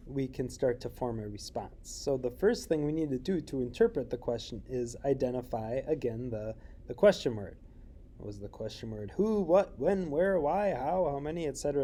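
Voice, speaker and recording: A man teaching a recorded Spanish lesson, explaining slowly with many fillers and checking questions. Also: medium pitch, lively intonation, warm tone.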